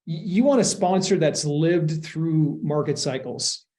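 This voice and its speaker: A man's voice: on the high side, animated, a little slow, darkish tone. A man who is a real estate investment sponsor, answering interview questions earnestly, explaining at length with frequent restarts.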